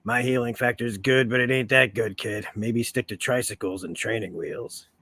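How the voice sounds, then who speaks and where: A man putting on a gruff, drawling clawed mutant from a comic book reading, rough and short with people. The recording is dry and close. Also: medium pitch, fairly even intonation, moderate pace, pushed and bright, dry recording. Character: gruff male mutant with claws.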